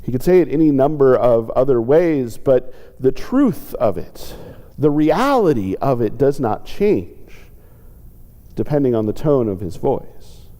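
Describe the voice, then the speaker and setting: A man's voice: big pitch swings, measured pace, dark tone. Man preaching in a reverberant church. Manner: reflective, acts out quoted pleas with lifted pitch. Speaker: pastor. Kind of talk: sermon. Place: church sanctuary. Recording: church sanctuary with long reverb.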